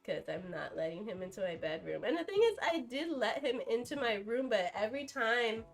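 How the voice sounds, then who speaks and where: A woman's voice: fairly high pitch, animated, brisk, creaky. Young woman rambling on a cooking stream, giggly, lots of um and like, light music behind. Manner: chatty, giggly, lots of fillers. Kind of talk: casual live-stream chat while cooking. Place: home kitchen. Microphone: camera on a tripod.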